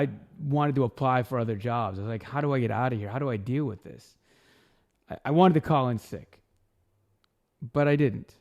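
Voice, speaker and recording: Gravelly, low-pitched male podcast host in his forties; personal storytelling, animated outbursts when quoting others.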